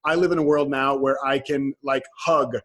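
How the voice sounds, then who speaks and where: A man's voice: medium pitch, level tone, moderate pace, fairly bright tone. A man speaking earnestly as a podcast guest in casual conversation, with frequent restarts. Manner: earnest, full of restarts and fillers.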